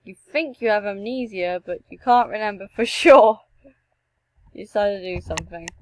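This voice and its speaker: A young woman reads a text adventure aloud at a middle pitch, breaking off into joking, animated asides. Her voice sits close and dry, with no room sound around it. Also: moderate pace, no echo, rough recording. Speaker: gameplay streamer. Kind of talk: reading a text game aloud with commentary.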